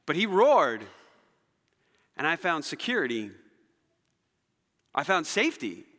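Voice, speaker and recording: A male pastor preaching a sermon, telling stories dramatically and swinging between loud emphasis and near-whispers. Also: on the high side, slow. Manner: animated, dramatic storytelling with shifts between loud and soft. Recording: long hall reverb.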